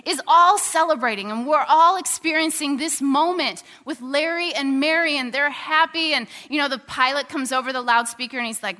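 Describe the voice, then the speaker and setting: A woman's voice: high-pitched, moderate pace, hardly any pauses. A woman preaching a sermon in a chatty, storytelling way with lots of fillers, in a large hall. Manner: conversational, animated, many fillers. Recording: long hall reverb.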